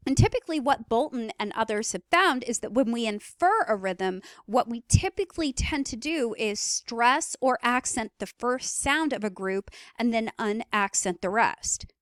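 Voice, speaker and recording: Clear-voiced woman giving a lecture. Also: fairly high pitch, lively intonation, normal speed, hardly any pauses, fairly bright tone, no room sound. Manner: explanatory, with fillers and vocal demos of rhythms. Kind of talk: recorded lecture.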